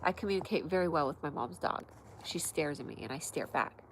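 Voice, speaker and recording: An American woman with a stuffy nose, chatting fast and casually while hosting her live comedy stream from home. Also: deep voice, a little hiss or hum, rough recording. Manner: fast, chatty, talks to pets and viewers.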